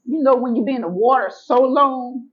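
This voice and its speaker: Animated woman telling a personal story. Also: high voice, normal speed, lo-fi sound. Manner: animated and emphatic, repeats words for effect; colloquial, acts out her own past words. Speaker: interview guest, author.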